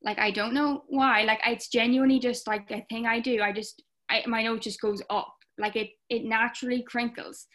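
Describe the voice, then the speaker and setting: A young Irish woman, a content creator, guests on a podcast and chats casually with plenty of fillers, acting out comments in quoted voices. Her voice is a little high and fairly bright, steady in tone, at a moderate pace with hardly any pauses.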